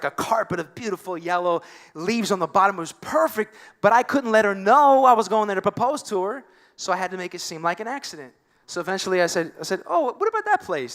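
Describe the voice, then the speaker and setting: A man preaching a sermon, telling a story with lively acted-out quotes. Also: a little high. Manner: animated, acts out quoted voices. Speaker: pastor.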